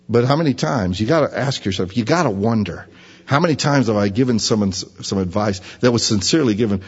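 A man's voice: lowish voice, slightly rough. A man preaching a sermon, teaching through a Bible passage in a folksy, conversational way. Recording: lo-fi recording with long hall reverb.

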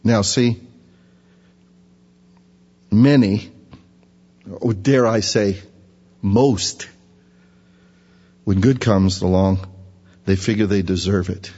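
A man preaching a conversational sermon, acting out everyday voices with a pitch jump. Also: fairly even intonation, drawn-out words, long pauses, darkish tone, slightly rough. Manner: conversational, acts out imagined voices in a higher pitch. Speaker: pastor. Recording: dull reverberant hall sound.

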